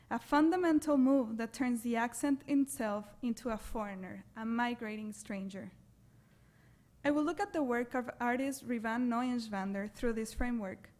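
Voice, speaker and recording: A woman's voice: fairly high pitch, darkish tone. Woman presenting with a foreign accent. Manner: measured, deliberate delivery. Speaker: graduate symposium presenter. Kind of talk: read academic presentation. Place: lecture hall.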